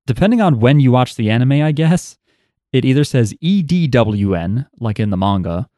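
A man's voice: medium pitch, animated, moderate pace, mellow, dry recording, clean studio sound. A man co-hosting a casual podcast discussion, joking and swearing casually. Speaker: podcast co-host. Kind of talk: casual chat.

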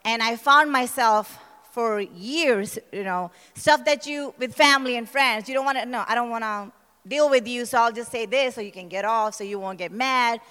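Woman minister, high bright voice, heartfelt testimony that swells to shouting, reverberant church hall. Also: moderate pace, clear, resonant tone. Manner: emotional, builds to passionate shouting. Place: church service.

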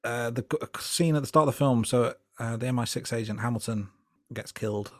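A man's voice: medium pitch, fairly quick, no echo, studio quality. A man co-hosting a podcast, chatting casually and thoughtfully about a film with frequent hesitations. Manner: relaxed, thoughtful, hesitant with fillers. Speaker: podcast co-host. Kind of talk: casual film review chat.

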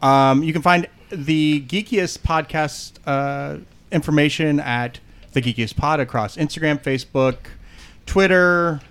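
A man hosting a casual podcast, talking in a relaxed, halting way with many fillers. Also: a little high, clean tone. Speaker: podcast host and DM.

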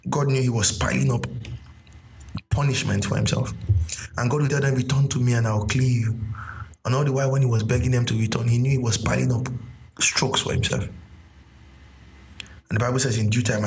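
A man's voice: mid-range voice, fairly even intonation, fairly quick, a little mellow, a little hiss or hum. A man teaching a sermon, explaining with everyday stories and repeating key phrases. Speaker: preacher.

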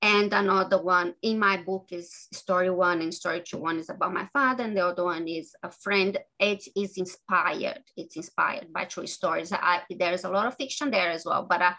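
Bright-voiced earnest woman author. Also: lowish voice, low-quality recording. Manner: earnest, halting, with many restarts. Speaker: author and guest. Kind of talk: podcast interview conversation.

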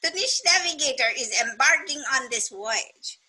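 Middle-aged woman, high and very bright, emphatic motivational chatter. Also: normal speed, low-quality recording. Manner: animated, emphatic, acts out quotes. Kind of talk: casual motivational chat.

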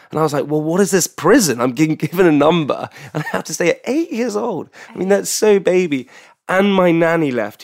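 A young man from England, a podcast guest telling a candid personal story in an energetic way, with many restarts and repetitions. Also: medium pitch.

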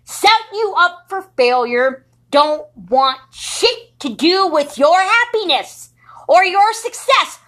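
A woman's voice: extremely high pitch, lively intonation, takes it slowly, a bit bright. A young adult woman ranting in an angry, defiant monologue, swearing constantly and sounding short on sleep. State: sleep-deprived. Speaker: podcaster.

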